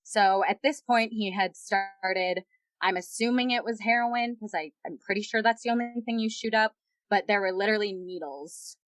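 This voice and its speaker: A woman's voice: mid-range voice, moderate pace, no room sound. A young woman guest on a podcast, candidly retelling a personal story with lots of quoted dialogue.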